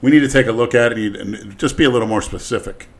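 Blunt low-voiced man, crude podcast chat. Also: fast talker. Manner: blunt, boastful, swings loud on emphasis. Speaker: podcast co-host.

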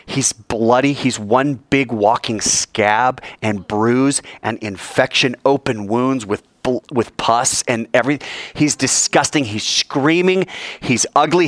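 A man preaching a sermon in an animated, joking way, acting out scenes as he goes. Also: mid-range voice, dry recording.

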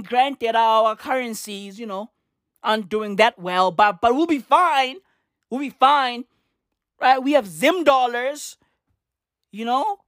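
Slow, animated woman ranting comedically. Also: on the high side, no echo, clean studio sound. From Africa. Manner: profane, slangy, emphatic, repeats lines for effect. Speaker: comedic commentator. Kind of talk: comedic rant to camera.

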